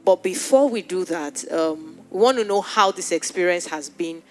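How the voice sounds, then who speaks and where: A woman's voice: lowish voice, expressive, moderate pace. A woman pastor leading an altar call in a church, speaking earnestly and pleading, often repeating her words. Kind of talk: sermon altar call and prayer. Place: church hall with live audience.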